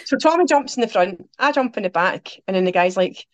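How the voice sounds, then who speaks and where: Scottish woman guest spinning animated anecdotes; middle pitch, dry close-mic sound. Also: a little fast, no room sound. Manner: animated, quotes people, laughs through her stories. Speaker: podcast guest. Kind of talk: anecdotal storytelling chat.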